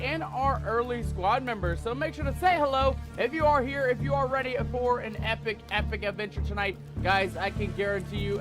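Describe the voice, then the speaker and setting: A very high-pitched man greets his stream crew in a playful pirate-captain persona, calling everyone mateys. Clear music plays underneath his voice. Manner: theatrical pirate-captain patter, calls viewers mateys. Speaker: gaming streamer host.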